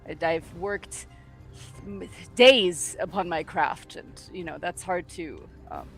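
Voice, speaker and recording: Excitable, stammering tabletop player. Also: female voice, fairly low pitch, slow, creaky, faint music behind. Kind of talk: in-character tabletop play.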